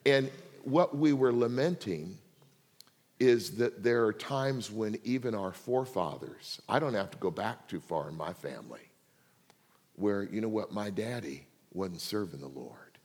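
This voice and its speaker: An older man preaching a sermon, telling a personal story and swinging between hushed asides and loud, laughing outbursts. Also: on the low side, animated, unhurried. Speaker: pastor. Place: church sanctuary. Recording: long hall reverb.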